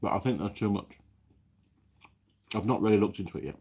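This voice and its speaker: A man's voice: fairly low pitch, brisk, dark tone, slightly rough. A man hosting a casual live chat from his workshop, chatting and rambling with many restarts as he reads viewer comments. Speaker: live stream host, mechanic.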